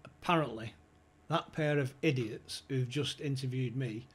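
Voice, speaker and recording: A man's voice: mid-range voice, measured pace, husky. A man telling stories casually, swearing and laughing as he goes. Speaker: podcast guest, former club insider. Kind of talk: casual storytelling chat.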